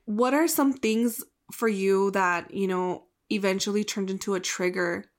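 A young woman co-hosting a podcast who asks questions in a relaxed, casual way. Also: medium pitch, measured pace. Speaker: podcast co-host. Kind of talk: casual chat.

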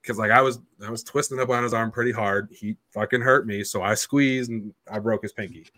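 A young man hosting a podcast, telling a story in a blunt, profane, animated way. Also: on the low side, a little fast. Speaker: podcast host. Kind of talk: casual storytelling chat.

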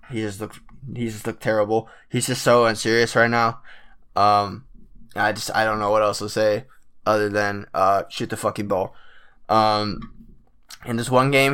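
A man's voice: fairly low pitch, fairly bright tone, clear, resonant tone. Exasperated young man ranting while sick. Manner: exasperated, swears a lot, many fillers. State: sick, voice cracking. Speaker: basketball fan commentator. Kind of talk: casual ranting commentary.

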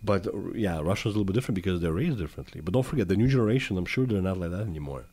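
A man's voice: deep voice, animated, very fast, warm tone, breathy edge. A man hosting a podcast in a casual, joking way, often laughing at his own jokes. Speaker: podcast host.

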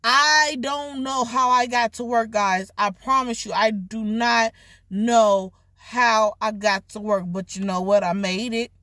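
Young woman, vlogger, casual storytime, overly dramatic delivery, fairly high voice, dry close sound. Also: unhurried, dry recording. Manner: self-described overly dramatic, animated retelling.

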